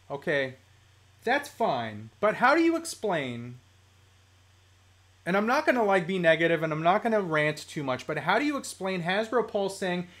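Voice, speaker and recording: A man's voice: sits high, normal speed. A man hosting a casual livestream, ranting with frustration and reading viewer comments aloud. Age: adult, works a day job. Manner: animated, ranting, reads chat comments aloud. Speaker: toy collecting livestream host.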